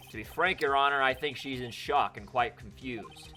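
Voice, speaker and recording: Lively male game streamer, bright edge, faint game music behind. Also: medium pitch, normal speed. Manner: animated, switching between mutters and loud outbursts. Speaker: let's play streamer. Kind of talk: reading game dialogue and commenting.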